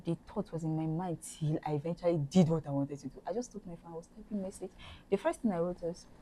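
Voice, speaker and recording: Woman, young adult, lower-pitched voice, animated, self-mocking storytelling, casual chat. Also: fast, poor audio. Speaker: podcast co-host telling her story.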